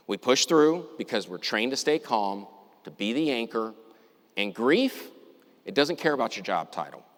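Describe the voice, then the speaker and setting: A middle-aged man telling a personal story in a talk, reflective and measured, with deliberate pauses. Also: mid-range voice, a bit bright. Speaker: university administrator giving a talk. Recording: long reverb, as in a hall.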